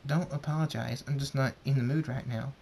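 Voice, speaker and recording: A man's voice: medium pitch, steady tone, a little fast, vocal fry, darkish tone, slight background noise, voice pushed up, lightly acted. Man doing a yelping young pegasus mare. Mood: weary. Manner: yelps and cries out in pain. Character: hot-tempered female pegasus pony, young adult.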